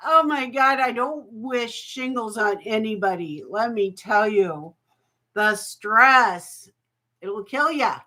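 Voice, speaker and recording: Slow, bright-voiced chatty woman. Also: a little high, animated. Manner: chatty, folksy, laughs easily, emotional. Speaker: live auction host. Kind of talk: live-stream jewelry auction.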